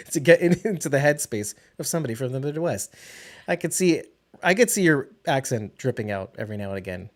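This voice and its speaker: A man co-hosting a casual podcast chat about a TV show, animated and laughing often. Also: medium pitch, brisk. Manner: laughing, animated, does playful voices. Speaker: podcast co-host.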